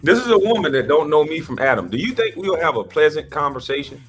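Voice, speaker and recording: A man hosting an online panel, ranting in heated commentary with a loud, combative, repetitive style. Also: a little high, very animated, quick pace, faint music behind.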